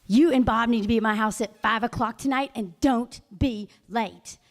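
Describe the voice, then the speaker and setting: A stern southern mother barks clipped, bossy orders in a Southern US accent, as a woman puts on her mom's voice. The pitch jumps high when she scolds. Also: moderate pace, in a large hall, lightly acted.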